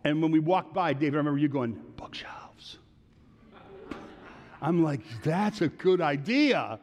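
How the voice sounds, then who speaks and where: A man's voice: fairly high pitch, expressive, brisk, darkish tone, long reverb tail, a little hiss or hum. A man preaching a sermon in an earnest, conversational storytelling way, lifting into emphatic prayer. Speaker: pastor.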